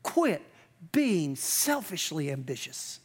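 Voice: medium pitch, very animated, takes it slowly, slightly rough. A pastor preaching a sermon in a conversational, emphatic way, acting out quoted lines.

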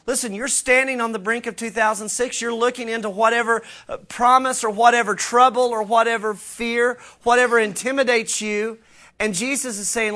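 Bright-voiced male pastor preaching. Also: high-pitched, normal speed. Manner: earnest, emphatic preaching with conversational asides. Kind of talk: sermon. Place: church.

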